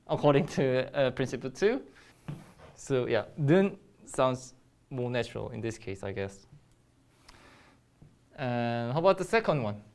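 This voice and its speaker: A young adult teacher speaks English in a recorded grammar lesson. The delivery is halting and full of pauses. The teacher keeps putting quiz questions to the viewer at an everyday, middle pitch. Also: darkish tone. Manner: hesitant, many pauses, quizzing the viewer. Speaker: Korean language teacher.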